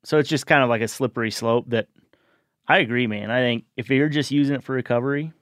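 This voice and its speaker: A man's voice: mid-range voice, quick pace, no echo, clean studio sound. Man telling a story on a podcast. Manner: storytelling, quotes others in lively bits. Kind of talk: casual conversation.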